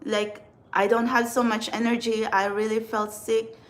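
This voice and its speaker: A woman's voice: a little high, flat delivery, normal speed. A woman from the Philippines with a Filipino accent, talking casually to camera as a tarot reader and spiritual channeler. She rambles earnestly and often restarts her sentences.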